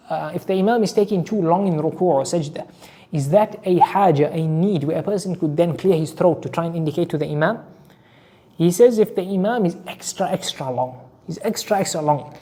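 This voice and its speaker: A man's voice: on the high side, dark tone. A man giving a religious lesson, explaining rulings and often repeating his key phrases, with Arabic terms mixed in. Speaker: Islamic teacher.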